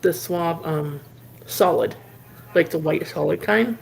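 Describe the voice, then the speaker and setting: A woman's voice: low-pitched, slow, vocal fry. A woman livestream host casually telling a rambling story, full of "like" fillers. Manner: animated anecdote telling.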